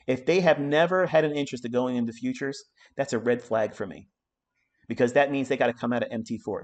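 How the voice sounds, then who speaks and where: A middle-aged man giving live trading commentary on a stream, ranting hard and swearing often as he talks. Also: medium pitch. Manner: profane, ranting, emphatic. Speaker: trading mentor.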